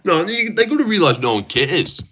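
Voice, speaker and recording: A man's voice: high voice, sing-song, fairly quick, background noise. A young man chatting casually on a stream, joking, teasing and swearing as he reacts.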